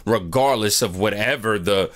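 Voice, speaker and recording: A man hosting his own channel, telling a personal story in a lively, slangy way and often jumping into high voices to quote people. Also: normal speed. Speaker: channel host. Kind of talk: storytime vlog.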